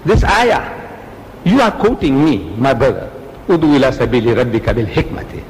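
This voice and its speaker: A man's voice: medium pitch, big pitch swings, fairly quick, slight background noise. Guy preaching an islamic talk, bouncy up-and-down voice, big echoey hall. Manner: storytelling with acted quotes and rhetorical questions. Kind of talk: public religious lecture. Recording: echoey hall, faint ambience.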